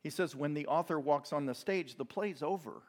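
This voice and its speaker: A man's voice: on the high side, normal speed. A man preaching a sermon in a conversational way, with asides and light laughter. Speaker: pastor.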